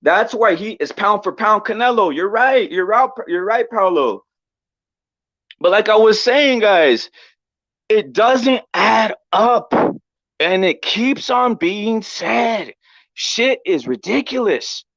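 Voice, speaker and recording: A man hosting a boxing commentary vlog, ranting provocatively, repeating himself and giving chat shout-outs. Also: high-pitched, lively intonation, takes it slowly, no room sound, highs cut off. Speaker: boxing commentary channel host.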